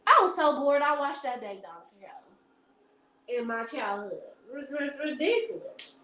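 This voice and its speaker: Chatty high-voiced woman, rambling stories. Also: expressive, normal speed, sharp tone. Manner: chatty, rambling, laughs often, addresses viewers as y'all. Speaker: live stream host. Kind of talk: casual storytelling chat. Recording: echoey room.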